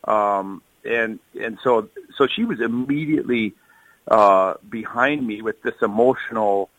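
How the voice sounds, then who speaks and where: A man's voice: lowish voice, unhurried, fairly bright tone, no room sound, lo-fi sound. A man speaking earnestly and emotionally in a phone interview, often repeating words as he searches for them. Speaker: kidney donor, firefighter. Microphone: phone call.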